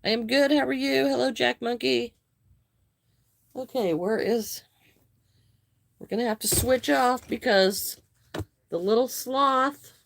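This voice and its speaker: A woman hosting a live crochet stream, chatting with viewers, greeting and thanking them by name, with some halting restarts. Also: fairly high pitch, vocal fry, a bit bright. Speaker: livestream host.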